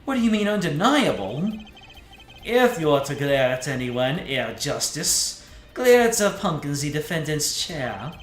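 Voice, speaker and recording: A suave, smug German prosecutor with a deep, slow drawl, as a streamer puts him on. The voice rises and falls in lively swings, and the room is echoey with soft music behind. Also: male voice. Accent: put-on German. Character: suave German male rock-star prosecutor.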